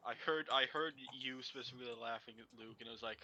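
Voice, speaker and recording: A man's voice: medium pitch, fast, pushed and bright, dry recording, low-quality recording. A man chatting during a tabletop game, rambling, swearing and repeating words. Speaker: player. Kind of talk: casual tabletop chat.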